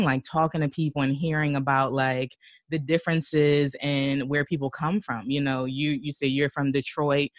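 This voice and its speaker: A woman's voice: rumbling low, flat delivery, moderate pace, no room sound, clean studio sound. A woman guest talking casually about driving, full of "like" and "you know" and frequent laughter. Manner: chatty, heavy use of "like" and "you know", laughs often. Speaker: podcast guest, driving show host. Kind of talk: casual conversational interview.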